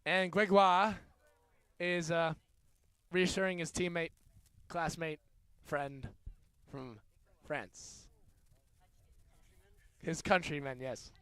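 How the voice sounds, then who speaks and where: A young man calling an amateur rugby game play-by-play, joking between plays and getting louder on big runs. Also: a little high, slow pace, pauses often, clear, resonant tone, no echo. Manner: jokey, rising to excited shouts on big plays. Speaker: student play-by-play commentator. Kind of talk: amateur sports commentary.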